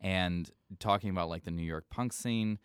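Brief: young male guest, low forceful voice, rambling jokey delivery, dry close mic. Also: moderate pace, smooth, dry recording. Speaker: podcast guest. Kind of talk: casual chat.

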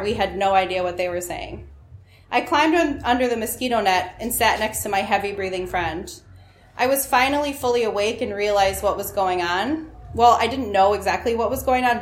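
A woman tells a personal story to an audience with a wry, self-mocking edge, often laughing at her own lines. Her voice sits at an ordinary middle pitch. The recording has a roomy echo with a faint wash of ambience behind it. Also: normal speed, slight background noise.

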